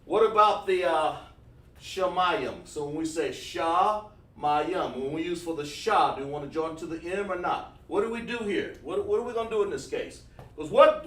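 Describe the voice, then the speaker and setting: A man's voice: on the high side, a bit bright. A man teaching an online lesson, coaxing students with repeated questions. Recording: echoey room, far from mic.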